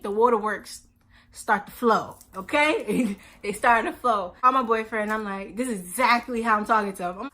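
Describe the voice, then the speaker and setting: Bright-voiced young woman telling a storytime. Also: on the high side. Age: 20s. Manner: animated, acts out quotes of others. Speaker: vlogger. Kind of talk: casual storytime.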